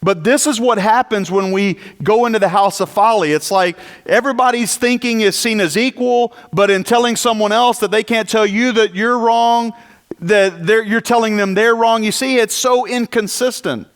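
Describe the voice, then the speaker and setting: High-voiced man preaching. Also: moderate pace. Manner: conversational preaching with rhetorical questions and asides. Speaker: pastor. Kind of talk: sermon.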